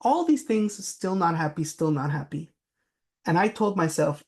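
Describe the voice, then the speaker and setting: A man's voice: fairly high pitch, lively intonation, normal speed. A man giving a business talk, telling anecdotes with frequent fillers. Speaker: presenter.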